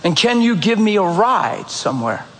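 A man's voice: high voice, sing-song, normal speed, in a large hall, a little hiss or hum. A man voicing a pleading woman who begs for help at a gas station, in an urgent, imploring way. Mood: asking.

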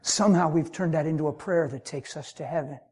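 A middle-aged man preaching a sermon, passionate, laughing often, swinging from loud to hushed. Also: fairly high pitch, fairly quick, breathy edge.

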